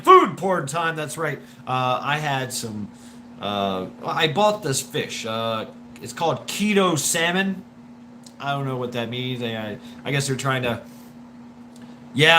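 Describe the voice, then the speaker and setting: A man's voice: mid-range voice, noisy background. A man hosting a casual livestream, rambling and stammering with lots of swearing while he answers viewer comments, with a wheezy smoker's voice. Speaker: livestream host.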